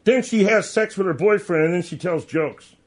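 Radio sidekick guy, pretty high voice, just tossing in his blunt takes. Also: normal speed. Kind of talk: casual talk radio chat.

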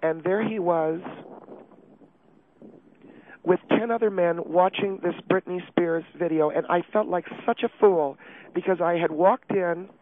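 A man plays a prim, distraught middle-aged wife calling in, her high voice coming through a thin, phone-like line. She pours out a self-pitying confession, halting and breathless.

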